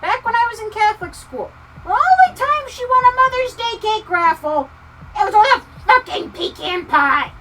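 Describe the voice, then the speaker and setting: A woman livestreamer chatting casually with viewers, ranting with profanity and swinging from muttering to near-shouting. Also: very high voice, sing-song, normal speed, recorded from a distance, a little hiss or hum, poor audio. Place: home craft room. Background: soft lofi music.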